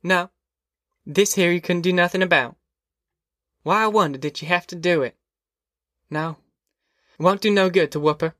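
A man's voice: high-pitched, moderate pace, long pauses, dry recording, studio quality, pitched above the performer's own voice. Man voicing a weary steadfast farm mother. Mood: urgent, worried. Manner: quiet, firm, rural drawl. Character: weary steadfast mother of a poor migrant family.

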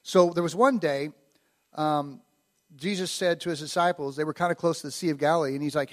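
A man's voice: on the high side, brisk. A man preaching a casual storytelling sermon, acting out quoted lines with growing animation. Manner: conversational, acts out quoted lines with rising animation.

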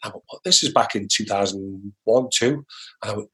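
Chatty middle-aged British actor telling stories. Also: male voice, medium pitch, brisk. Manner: lively anecdotal storyteller who acts out quoted lines. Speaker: actor guest. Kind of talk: casual interview storytelling.

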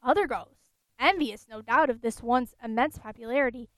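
A woman storyteller reading an old ghost story aloud at a measured, steady pace. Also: a little high, dry recording.

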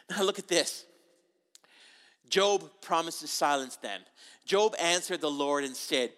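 A man's voice: fairly high pitch, unhurried, fairly bright tone. A man preaching a sermon in a conversational, joking way, full of asides and rhetorical questions.

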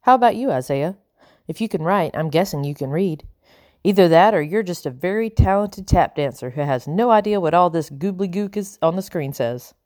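A woman's voice: on the low side, animated, normal speed, darkish tone, no room sound, studio quality, close to an everyday voice. A woman voicing a kind, friendly young girl who jokes easily.

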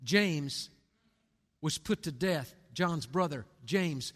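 A middle-aged male pastor preaching a sermon, swinging from hushed near-whispers to booming calls. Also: lively intonation, slow pace. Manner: dramatic swings between hushed and booming delivery. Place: church sanctuary. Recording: long hall reverb.

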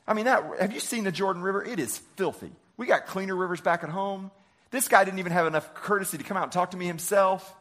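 A man's voice: sits high, very animated, fast talker, a bit bright. A man preaching a sermon in a conversational way, acting out biblical characters with everyday lines and often repeating words as he restarts. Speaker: pastor.

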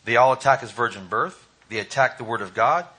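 Bright-voiced male preacher. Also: mid-range voice, a little fast, breathy edge. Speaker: pastor. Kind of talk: sermon. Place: church hall.

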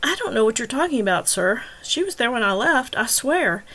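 A woman voices an earnest young man being questioned, flustered and insistent. His lines sit a little higher than her narration and come out in anxious bursts. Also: big pitch swings, fairly quick, a bit bright, heavily acted, poor audio. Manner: flustered, insistent, pleading innocence. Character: confused, earnest young man under suspicion.

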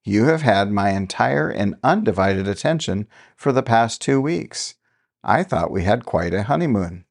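A man voicing a young pastor who speaks gently and earnestly to his wife. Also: on the low side, expressive, unhurried, creaky, full character voice. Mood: gentle.

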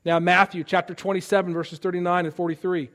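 Male pastor, high voice, earnest sermon delivery with rising emphasis. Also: level tone, fast, fairly bright tone. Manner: earnest preaching, reads scripture aloud with rising emphasis.

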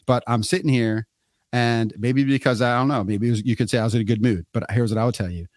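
A man's voice: medium pitch, fast, dry recording, clean studio sound. A middle-aged man casually telling a story on a podcast, acting out what people said. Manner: animated storyteller acting out quotes.

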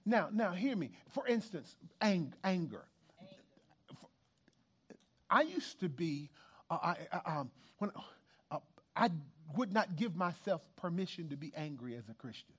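High-voiced animated male preacher. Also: a little slow, long pauses, husky. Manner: animated, emphatic preaching with repetitions and asides to the congregation. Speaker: pastor. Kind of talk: sermon. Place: church.

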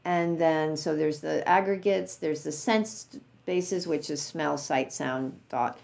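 A woman giving a reflective dharma talk as a meditation teacher, speaking gently with fillers and restarts and acting out inner thoughts in a higher voice. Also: takes it slowly, gravelly.

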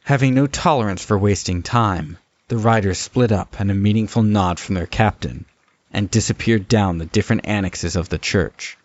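A man giving steady, scripted story narration. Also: lowish voice, moderate pace, no echo. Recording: dull lo-fi recording.

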